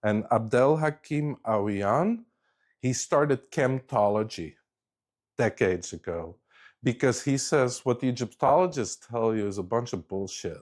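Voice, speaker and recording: A man's voice: mid-range voice, expressive, a little slow. A middle-aged man telling a story in a casual, rambling way, often restarting his sentences. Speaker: guest speaker.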